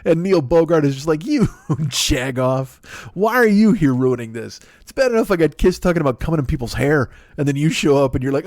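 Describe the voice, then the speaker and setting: A man's voice: fairly high pitch, lively intonation, brisk, darkish tone, no echo, clean studio sound. A middle-aged man hosting a comedy podcast, delivering a rambling, sarcastic, profane monologue. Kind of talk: stand-up style monologue.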